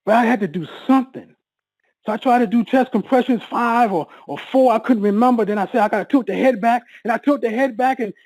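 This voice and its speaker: A man's voice: extremely high pitch, darkish tone, no echo, rough recording. Emotional man telling a personal story. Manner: halting, repeats words, voice rises when reliving panic.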